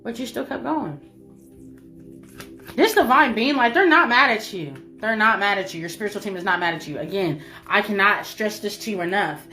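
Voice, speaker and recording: A woman's voice: mid-range voice, lively intonation, moderate pace, pushed and bright, soft background music. A woman delivering a spiritual message to her viewers, emphatic and repetitive, swearing freely and calling the listener baby. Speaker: spiritual reader.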